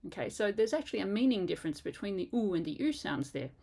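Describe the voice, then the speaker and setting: A woman's voice: medium pitch, big pitch swings, fast talker, creaky, warm tone. An older woman, a native English speaker, gives a patient pronunciation lesson as a French teacher and spells words out letter by letter.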